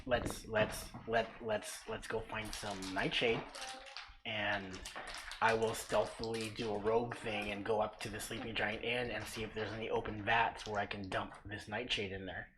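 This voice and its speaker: A woman running a tabletop game, recapping the last session in a lively, animated storytelling manner. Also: rumbling low, moderate pace. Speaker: game master. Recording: live stream with faint background noise.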